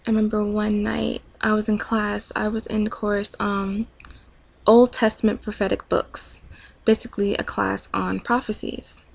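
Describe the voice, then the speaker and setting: A woman's voice: medium pitch, level tone, moderate pace, gravelly, poor audio. A young adult woman telling an earnest, chatty personal story in a casual vlog, with many fillers. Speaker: vlogger.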